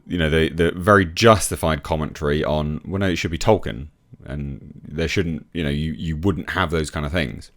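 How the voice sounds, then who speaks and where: A man's voice: extremely low pitch, normal speed, hardly any pauses, fairly bright tone. A man delivering a mocking, opinionated commentary vlog with frequent filler sounds. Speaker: YouTube commentator.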